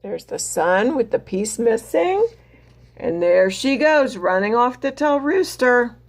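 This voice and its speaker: A woman reading a picture book aloud to children as their teacher, animated and pointing out the pictures as she goes. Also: on the high side, slow.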